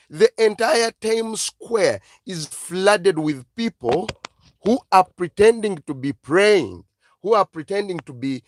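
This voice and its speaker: Impassioned African-accented man, high voice. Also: no echo, clean studio sound. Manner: emphatic, repetitive exhortations. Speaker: online channel host. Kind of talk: impassioned live-stream monologue.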